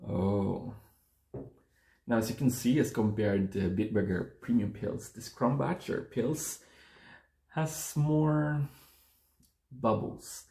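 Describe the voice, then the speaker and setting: A beer-tasting vlogger from the Philippines chats to his phone camera at home, rambling and correcting himself as he taste-tests beer. His mid-range voice is slow and dark-toned, with vocal fry and long pauses, in a reverberant space.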